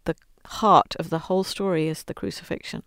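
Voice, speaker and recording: A woman's voice: low-pitched, steady tone, a little fast, vocal fry, fairly bright tone, no echo, studio quality. A woman speaking earnestly as an interview guest, then reading aloud from her storybook, giving quoted lines a little voice of their own.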